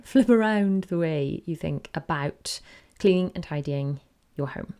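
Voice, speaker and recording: A woman's voice: mid-range voice, measured pace, dark tone. A woman in her thirties hosting a solo podcast, chatty and candid, wandering off on tangents. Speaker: podcast host. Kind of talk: casual solo podcast talk.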